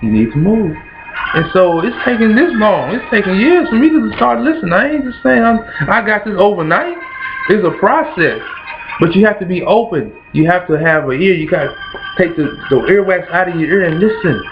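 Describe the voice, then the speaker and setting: With an animated, high-pitched voice at normal speed, a Kentucky-accented host from Kentucky preaches to motivate, his delivery rhythmic and repetitive. The recording is dull and lo-fi, with background music behind him.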